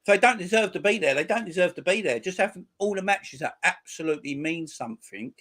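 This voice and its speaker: A man in his forties with a fairly high-pitched voice, hosting a casual live stream and chatting with his viewers. He talks in loose, crude banter and openly mocks the teams he discusses. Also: lively intonation, fairly quick, fairly bright tone. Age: 40s. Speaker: football channel host.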